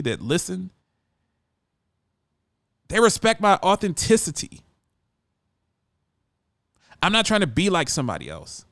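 A man's voice: on the high side, a bit bright, no echo, studio quality. A man who hosts a radio show, talking in a brash, emphatic casual monologue.

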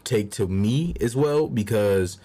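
Low-voiced guy on a podcast, laid back, telling stories from his school days. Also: slow. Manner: relaxed storyteller, recounts school memories. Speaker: podcast host. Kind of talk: casual podcast chat.

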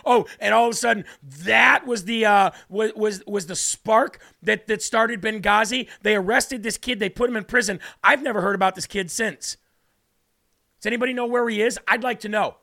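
A man hosting a political talk show with a high, gravelly voice and a bright, tense edge. He rants with heavy sarcasm and animated emphasis, turning to his co-host now and then. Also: normal speed.

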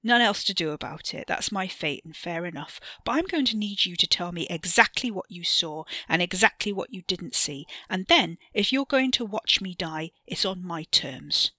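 A woman reads out a sneering young man with a bitter edge, his slow, cutting words pressed out in a bright, forceful voice. The recording is close and dry, with no room sound around him. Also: mid-range voice, no room sound, natural voice. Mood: angry.

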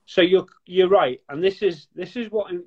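A man's voice: high-pitched, moderate pace, husky, highs cut off. A man from near Liverpool with a Scouse-sounding northern English accent, a blunt, profane guest chatting on a live video call. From northwest England, near Liverpool. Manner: blunt, profane, banter-heavy. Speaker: guest gecko breeder. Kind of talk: casual, sweary live chat. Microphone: webcam on a live video call.

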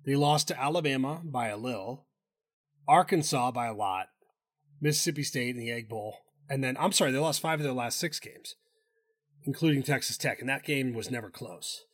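A man's voice: medium pitch, normal speed. A man co-hosting a casual sports betting chat, loose and profane, rambling with restarts. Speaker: podcast co-host.

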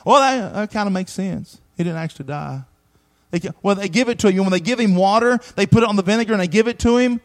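A man preaching a sermon with emphatic repetition, swinging between loud declarations and hushed asides, and calling on the congregation for responses. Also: high voice, fast, low-quality recording.

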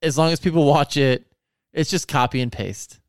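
A man's voice: a little high, moderate pace, no echo, clean studio sound. A man in casual chat, telling stories in a profane, sarcastic rant. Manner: profane, ranting, sarcastic storytelling.

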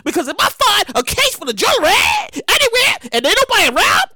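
A man hosting his own comedy show, reacting to odd news stories with loud exclamations, cursing and bursts of laughter. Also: extremely high pitch, wildly swooping pitch, quick pace, dry recording. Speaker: podcast host.

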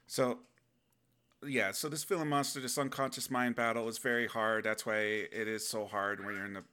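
A man's voice: lowish voice, flat delivery, moderate pace, pushed and bright. A man talking earnestly in a casual, rambling advice monologue, with restarts and playful acted asides.

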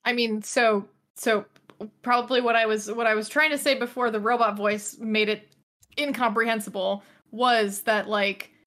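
A woman's voice: fairly high pitch, fairly even intonation, normal speed, fairly bright tone. A young woman guest on a podcast, talking in a gossipy, filler-heavy way with laughter. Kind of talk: casual podcast chat.

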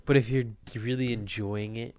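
A man's voice: mid-range voice, fairly even intonation, moderate pace, darkish tone. Rambling young man hosting a podcast. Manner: rambling, loses his train of thought, swears casually. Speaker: podcast host. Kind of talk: casual chat. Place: small room with friends.

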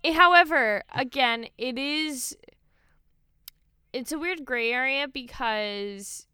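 A woman's voice: high voice, takes it slowly, bright, forceful tone, smooth, no room sound, studio quality. A woman co-hosting a podcast, explaining vocal technique in a casual chat with many fillers. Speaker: podcast co-host.

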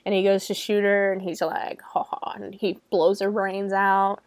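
A young adult woman talks through a movie plot in a loose, irreverent way, peppering it with "like", swear words and laughter. Her voice sits at a middling pitch and sounds dry and close, with no room around it. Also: flat delivery, moderate pace, no echo. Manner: chatty and irreverent, swears, laughs often, fills with "like". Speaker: movie reviewer. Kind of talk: casual spoken film recap.

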